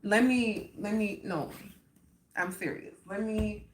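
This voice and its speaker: Woman, live streamer, mid-pitched, slow and reflective, emotional with her viewers. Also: slight background noise. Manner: reflective, unhurried, peppered with "like" and "oh my goodness"; emotional, reacting to viewers' comments. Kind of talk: casual live stream chat.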